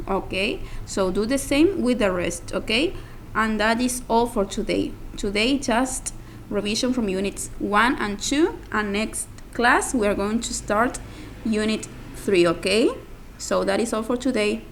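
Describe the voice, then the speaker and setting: A woman teaching English talks students through a set of revision exercises at a slow, patient pace. Her voice sits a little high, and she keeps checking in with "okay?" after each step. A faint hiss runs under the recording. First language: Spanish. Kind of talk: recorded class instructions.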